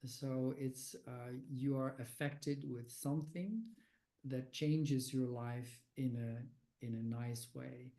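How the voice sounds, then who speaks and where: Slow, mellow-voiced older man. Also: medium pitch, steady tone, vocal fry, rough recording. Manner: halting, with many fillers and restarts. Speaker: guest researcher of near-death experiences. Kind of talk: conversational interview answers.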